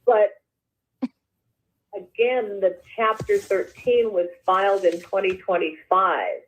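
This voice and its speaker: A woman's voice: mid-range voice, slow pace, poor audio. A woman answering questions at a bankruptcy hearing, defensive and pushing to explain herself. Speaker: debtor at a hearing.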